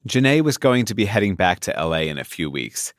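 Lively low-voiced male host. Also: fairly quick, no echo, clean studio sound. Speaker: podcast host. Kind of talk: scripted narration.

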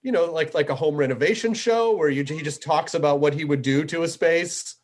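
Man, middle-aged, slightly high voice, eager podcast host, lots of fillers. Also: brisk, darkish tone. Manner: enthusiastic, filler-heavy, swears casually. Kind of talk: casual podcast chat.

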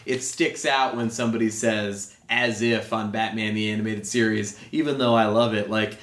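Chatty podcast host, roomy sound. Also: male voice, fairly low pitch, fairly even intonation, moderate pace, fairly bright tone. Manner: jokey, chatty, asks long rambling questions. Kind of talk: casual podcast interview. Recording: roomy with faint noise.

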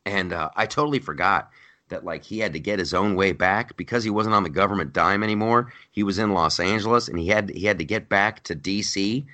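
A man hosting a podcast, retelling a show in an animated, mocking, comedic way. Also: fairly quick. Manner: animated, mocking retelling with big pitch jumps. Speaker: podcast host. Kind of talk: casual comedic chat.

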